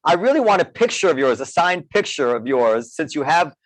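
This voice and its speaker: A man hosting a casual talk show, halting and quick to laugh. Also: fairly high pitch, big pitch swings, no echo, rough recording. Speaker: host.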